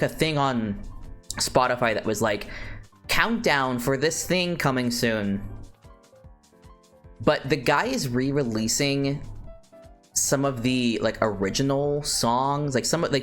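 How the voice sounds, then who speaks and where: A chatty streamer talks casually with a mid-range voice, wandering off on tangents and often restarting sentences. Faint music plays quietly behind. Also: mid-range voice. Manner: rambling, with frequent restarts and side comments. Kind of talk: casual chat.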